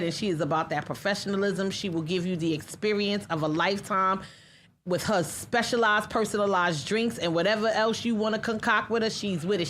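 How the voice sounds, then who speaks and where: A woman's voice: medium pitch, fairly bright tone, a little hiss or hum. A woman hosting a casual interview podcast, talking loosely with a slight lisp, laughing and stumbling over her words now and then. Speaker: podcast host.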